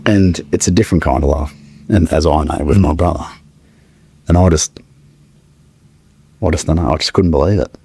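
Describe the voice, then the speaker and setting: A middle-aged man with a halting manner, recounting a painful personal story as a podcast guest. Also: very deep voice, darkish tone, husky. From Australia. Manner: halting, searching for words, with restarts.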